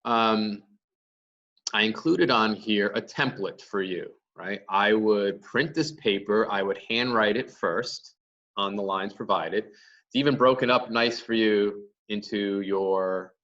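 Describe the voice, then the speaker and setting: A man's voice: lowish voice, a bit bright, recorded from a distance, dull audio. A male teacher giving a lecture, explaining step by step and answering his own questions. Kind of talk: classroom lecture.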